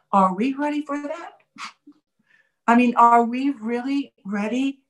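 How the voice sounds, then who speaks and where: A woman's voice: on the high side, a little slow, pauses often. A woman co-hosting a faith podcast, speaking passionately and repeating key phrases for emphasis. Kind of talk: casual faith podcast discussion.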